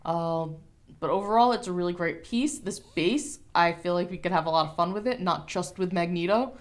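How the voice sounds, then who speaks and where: A woman co-hosts a relaxed toy review, talking in a chatty, playful way. Her voice sits a little low, and she gives her opinions freely. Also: normal speed. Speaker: co-host of a toy review show. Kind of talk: casual review chat.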